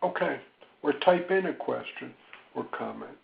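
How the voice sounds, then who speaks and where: A man speaking as a psychologist in a webinar, gentle and reflective, with many ums and pauses. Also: mid-range voice, expressive, creaky, a little hiss or hum. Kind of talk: slow, thoughtful webinar talk. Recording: tinny phone-line sound.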